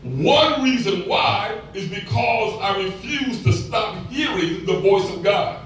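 A man's voice: high voice, lively intonation, takes it slowly, fairly bright tone, slight background noise. A man in his sixties preaching a sermon as pastor, folksy and calling out to the congregation. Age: 60s. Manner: folksy, call-and-response preaching. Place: church. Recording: echoey church from far off with music.

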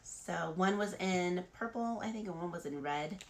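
A woman's voice: on the low side, moderate pace. A woman vlogger chatting casually about free beauty products, rambling with frequent fillers. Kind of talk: casual haul chat.

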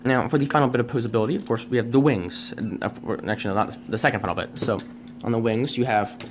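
A man's voice: medium pitch, quick pace, noisy background. A man reviewing a toy at home on camera, rambling and self-deprecating, with many fillers and restarts. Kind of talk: casual unscripted review. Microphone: camera on a tripod.

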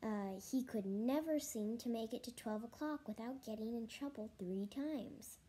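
A woman's voice: on the high side, moderate pace, dark tone, poor audio. A woman reading a children's story aloud, with slips and restarts.

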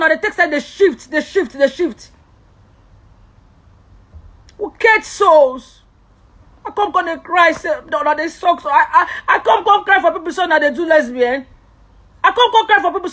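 A woman's voice: very high-pitched, a bit bright. A woman with a Nigerian accent delivering an impassioned, accusatory vlog rant, swinging between tears and laughter.

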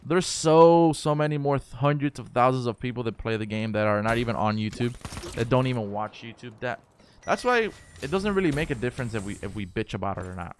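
A man talks casually on a gaming livestream, wandering from point to point and cursing often. His pitch sits right in the middle. A faint hiss runs under the recording. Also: expressive, a little fast. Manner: rambling, swears freely, chats to viewers. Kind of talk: casual livestream chat while playing.

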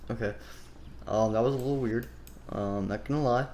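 A man's voice: mid-range voice, moderate pace, darkish tone, a little hiss or hum. A young man voicing a roleplay in a sandbox game, talking casually and rambling with lots of fillers and goofy asides. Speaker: gaming video host and roleplayer.

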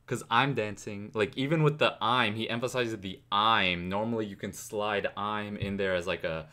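A young man with a fairly low voice talks casually through a song reaction. He slows down to recite lyrics and picks apart the rhyme scheme as he goes, in a loose, analytical way. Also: pushed and bright. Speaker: music reaction host.

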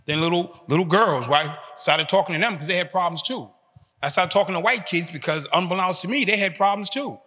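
Man, 50s, motivational speaker, high bright voice, animated street-talk storytelling, long hall reverb. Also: a little fast. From United States. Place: large hall in a prison.

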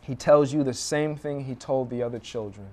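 A man's voice: mid-range voice, normal speed, dark tone, a little hiss or hum. A young American man preaching a sermon as a guest pastor, telling stories with animation and acting out the cries of children.

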